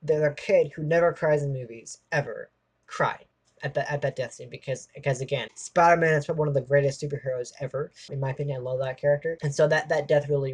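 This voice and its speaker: Rambling, animated male movie reviewer. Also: on the high side. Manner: rambling and animated, full of restarts and "like"; laughs often while talking. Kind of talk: casual spoken movie review.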